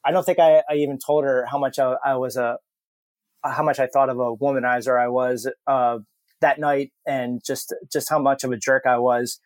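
A man's voice: mid-range voice, steady tone, normal speed, no room sound. Podcast guest, a man with a mid-range voice, loose and profane storytelling, dry booth sound. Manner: rambling and profane, with many fillers and laughs. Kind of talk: casual storytelling.

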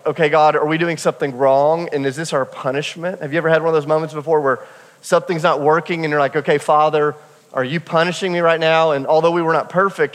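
A man's voice: fairly high pitch, in a large hall. A man preaching a sermon as a pastor, telling a personal story in a candid, humorous way. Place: church sanctuary.

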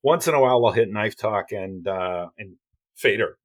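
A man with a slightly low voice, chatting easily as a podcast guest. He rambles at length and fills his speech with "uh" and "um". The tone is relaxed and friendly. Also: normal speed. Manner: rambling, many fillers and restarts. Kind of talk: casual podcast chat.

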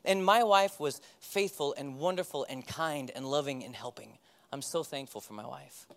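A man's voice: mid-range voice, moderate pace, a bit bright. A man in his thirties, a pastor, giving a candid personal testimony in a sermon, self-deprecating and often laughing at himself.

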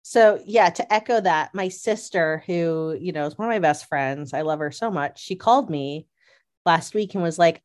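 A woman in casual fan chat, an animated storyteller who laughs often and fills her talk with "like.". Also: low voice, moderate pace. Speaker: podcast co-host.

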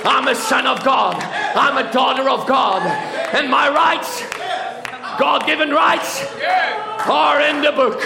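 High-voiced man preaching fervently. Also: fairly even intonation, takes it slowly, creaky, echoey room, a loud crowd, very noisy. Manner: fervent, often shouting exclamations of praise. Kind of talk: impassioned sermon. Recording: congregation audible behind. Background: congregation.

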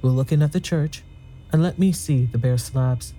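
A man putting on a brash young Irish country doctor, hearty and scoffing, dark deep tone, storybook reading. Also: moderate pace, natural voice, low-quality recording. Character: brash raw-boned young Irish doctor, blunt and mocking.

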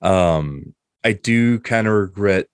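Low-voiced male game master. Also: takes it slowly, clean tone, dry recording, studio quality. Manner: rambling, filler-heavy. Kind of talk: casual chat.

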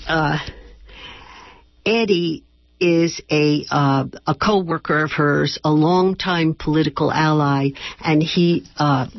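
A low, husky woman reading her own novel at a slow, measured pace. The sound is dry and close, and the dull radio audio cuts the highs. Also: dry recording. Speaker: author and guest. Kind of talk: reading her novel aloud, then chat. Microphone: radio studio microphone.

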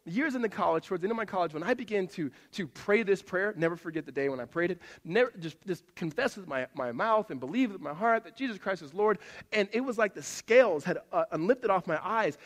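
A middle-aged man preaching a sermon, telling stories and swinging from loud animated bursts to hushed asides. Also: high-pitched. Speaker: pastor. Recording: long reverb of a hall.

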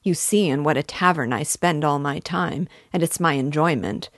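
A woman reading the lines of a sly, urbane middle-aged man who talks in a smooth, teasing, unhurried way. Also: low-pitched, dry recording, clean studio sound.

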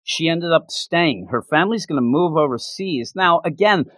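Man, casual podcast chat, animated storyteller, dry close sound. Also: on the high side, normal speed, no echo. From North America. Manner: animated storyteller, acts out characters' lines. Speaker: podcast co-host. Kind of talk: casual chat recapping a comic.

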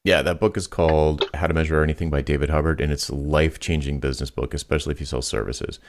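Man, extremely deep voice, podcast host, confident, explains with acted examples. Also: fairly even intonation, fast. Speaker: podcast host, pricing consultant. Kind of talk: casual advice talk.

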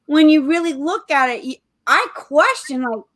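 A woman interviewing a guest, speaking in a slow, halting way. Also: high-pitched, animated, a bit bright, dry recording, clean studio sound. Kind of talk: casual interview.

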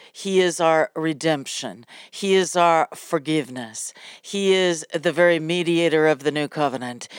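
A woman preaches a devotional sermon at an unhurried pace, her voice smooth and clean. She speaks haltingly and fervently, restarting phrases and repeating words. The sound is dry and close, with no room around it. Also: sits low, no room sound. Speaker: ministry host and preacher.

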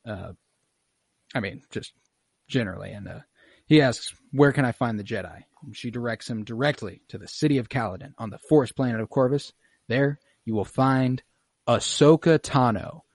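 A young man recapping an episode in casual chat, animated and laughing often, with plenty of swearing. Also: mid-range voice, a little fast, gravelly, husky, no echo, clean studio sound. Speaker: podcast host recapping an episode.

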